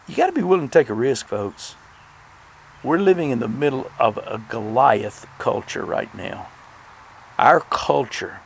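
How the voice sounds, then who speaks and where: A man's voice: mid-range voice, creaky, slight background noise. A man preaching a sermon in an earnest, direct way, speaking to his listeners and asking them questions. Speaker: pastor.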